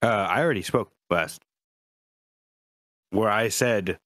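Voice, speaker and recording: A man playing a character in a tabletop game, speaking in a measured, sage-like manner. His voice is very low and he talks slowly, recorded with a dry, close sound. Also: a bit bright, no echo. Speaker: player.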